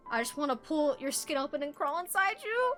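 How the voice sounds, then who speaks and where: A woman voicing a shy, obsessive young woman confessing her love in a hushed, intense way while reading game dialogue aloud. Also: high-pitched, big pitch swings, a little fast, faint music behind.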